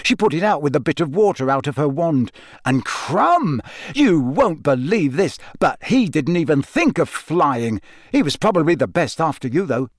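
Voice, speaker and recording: A man reading the part of an excitable teenage boy wizard who rambles eagerly to his best friend in an audiobook. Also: a little high, moderate pace, hardly any pauses, no echo, studio quality, natural voice. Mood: excited.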